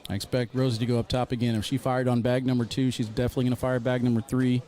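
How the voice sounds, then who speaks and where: A man's voice: medium pitch, little pitch movement, rapid-fire, mellow. A man commentating a cornhole livestream, joking and teasing in a laid-back way.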